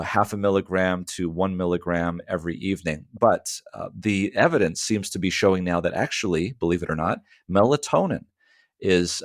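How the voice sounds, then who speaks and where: A man's voice: low-pitched, no echo, clean studio sound. A man, a sleep medicine doctor, explaining clinical matters in a radio interview, with frequent fillers.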